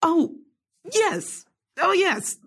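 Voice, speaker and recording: An actress playing a successful playwright, hesitant and self-deprecating, trailing off and laughing nervously. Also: female voice, extremely high pitch, sing-song, very slow, a bit bright, exaggerated voice. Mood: awkward. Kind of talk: contemporary stage drama dialogue.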